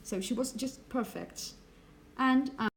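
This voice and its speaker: A woman teacher lectures in a relaxed, hesitant way, pausing often to check that her students follow. Her first language is Spanish. Her voice sits at a middle pitch, and a faint background hiss runs under the recording. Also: low-quality recording.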